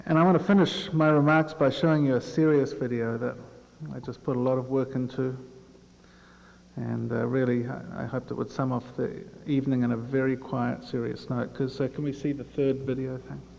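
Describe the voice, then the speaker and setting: New Zealand man, tribute speech, gravelly and dark, hall echo. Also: mid-range voice, little pitch movement, moderate pace, a little hiss or hum. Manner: dry, self-deprecating humour. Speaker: after-dinner speaker. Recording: echoey hall PA, dull.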